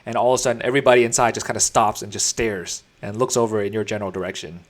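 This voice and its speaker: A man's voice: on the low side, steady tone, very fast. Man, dungeon master, casual narration, tabletop game, fillers and restarts.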